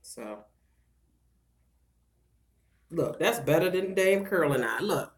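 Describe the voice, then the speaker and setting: Sassy Baltimore woman, lively voice. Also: low-pitched, slow, noisy background. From Baltimore, USA. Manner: sassy, chatty, calls viewers girl and child. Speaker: livestream vlogger. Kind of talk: casual livestream chat with viewers.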